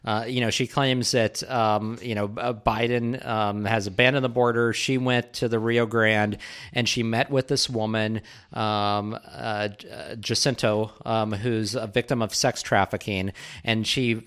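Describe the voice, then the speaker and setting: A man co-hosting a casual political talk show, speaking in animated, emphatic bursts. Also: fairly low pitch, unhurried, clear, resonant tone. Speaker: political commentary co-host.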